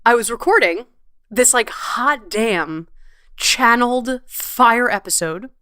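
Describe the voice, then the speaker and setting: A woman hosting her own podcast in a casual, expressive way, swearing freely, laughing often and using playful slang, recorded on a computer's built-in mic. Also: on the high side, slow pace, clear, resonant tone, no echo, clean studio sound. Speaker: podcast host and coach. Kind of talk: casual solo podcast talk. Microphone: computer's built-in mic, not her usual one.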